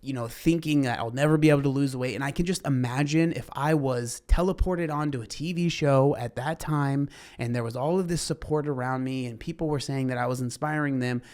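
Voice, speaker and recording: A man's voice: mid-range voice, a little fast, hardly any pauses, darkish tone. A young man hosting a casual commentary, talking in a rambling way with many fillers and restarts. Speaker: commentary host.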